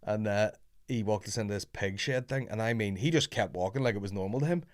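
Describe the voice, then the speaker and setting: A man chatting casually as a podcast host, telling animated stories with plenty of swearing. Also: fairly low pitch, quick pace, dry recording, studio quality. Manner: animated storytelling, swearing, acting out voices. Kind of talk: casual chat.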